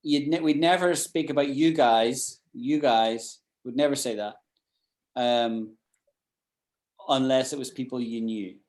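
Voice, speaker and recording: A man's voice: medium pitch, unhurried, a little mellow. A man teaching an online English class, explaining usage with frequent restarts and repeated words over a video call. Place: at home in Ireland.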